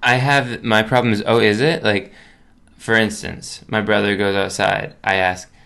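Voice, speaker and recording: A man's voice: on the low side, a little slow, creaky, bright, forceful tone. A man as a podcast guest, telling rambling stories with many fillers and laughs. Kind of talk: casual chat.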